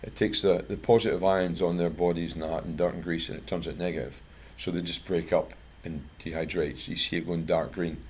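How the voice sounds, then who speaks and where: A man's voice: low voice, steady tone, a little fast, hardly any pauses, darkish tone, breathy edge. A Scottish man from Scotland giving a chatty, plain-spoken talk to a bird club, mixing product advice with anecdotes. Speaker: guest speaker at a bird club.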